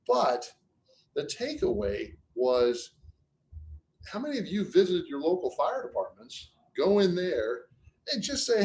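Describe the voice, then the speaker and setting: A man's voice: a little high, sing-song, normal speed, a little mellow, low-quality recording. Casual, chatty male webinar presenter. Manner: conversational, anecdotal, restarts phrases often. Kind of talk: casual business webinar talk.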